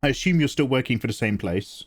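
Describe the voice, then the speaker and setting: A middle-aged British man hosting a livestream, chatting casually with viewers and answering them with quick jokes and asides. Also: medium pitch, lively intonation. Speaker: livestream host. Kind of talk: casual chat with viewers while drawing.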